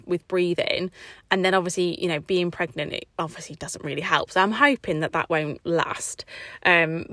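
A woman's voice: medium pitch, sharp tone, dry recording, studio quality. A young woman hosting a podcast, chatting on and rambling with lots of fillers, a little short of breath. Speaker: podcast host. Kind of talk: casual solo podcast chat.

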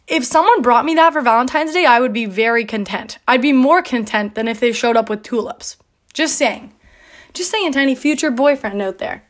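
A young woman chats on her own podcast in a rambling, filler-heavy way and sounds slightly out of breath. Her voice sits a bit high for a woman. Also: animated, normal speed. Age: young adult. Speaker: podcast host. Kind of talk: casual chat.

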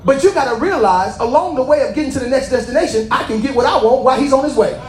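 A man preaching a sermon in a very high voice, with a strong roomy echo around him. He reads scripture aloud and then presses his point with impassioned calls that climb into shouting. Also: quick pace, music in the background. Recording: echoey room.

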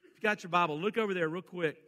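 Folksy preacher in an echoey hall. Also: male voice, high-pitched, fast. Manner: folksy, reads scripture then swings between soft asides and loud emphatic calls. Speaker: pastor. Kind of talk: sermon.

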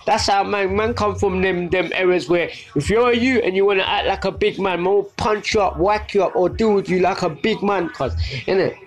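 A man's voice: high voice, brisk. A young man with a London accent, hosting a podcast and ranting in heavy street slang. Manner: animated, slangy rant. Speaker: podcast host. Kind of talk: casual monologue.

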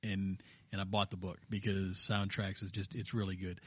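A man's voice: low-pitched, little pitch movement, normal speed, breathy edge, dry recording. A man co-hosting a ministry podcast in casual chat, rambling with many restarts and fillers. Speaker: podcast co-host, pastor.

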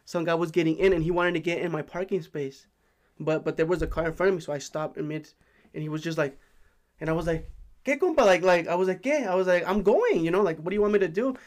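Fast-talking, rambling man on a podcast. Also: a little high. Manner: rambling storyteller, many fillers. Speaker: podcast host. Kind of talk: casual chat.

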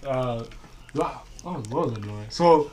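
A man's voice: mid-range voice, animated, a little slow, darkish tone. A young man in casual chat, telling a story in a rambling way, full of fillers and "I was like.".

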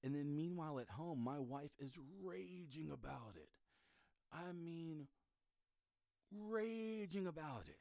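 A middle-aged man hosting a podcast, telling a personal story in an animated way, often restarting his sentences and acting out what people said. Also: fairly high pitch, no room sound, clean studio sound. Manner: animated, acts out quoted voices, frequent restarts. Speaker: podcast host.

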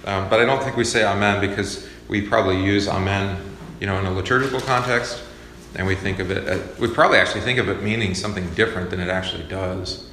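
A man teaching a Bible study class in a relaxed, conversational way, with many fillers. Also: sits low, fast talker, slight background noise. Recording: echoey hall with faint ambience.

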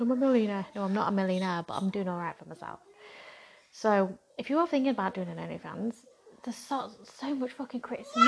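A woman in her 30s, a content creator, talks frankly in a casual monologue with a gravelly, mid-range voice. She is blunt and defiant and swears heavily.

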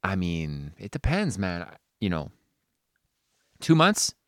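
A young man from Canada trades banter on a casual podcast, his low voice swinging up and down as he jokes and laughs. He curses loosely and keeps the talk loose and playful. The sound is close and dry. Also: wildly swooping pitch, slow pace, a bit bright, dry recording. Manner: joking, swears casually, laughs often. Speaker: podcast co-host. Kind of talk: casual chat.

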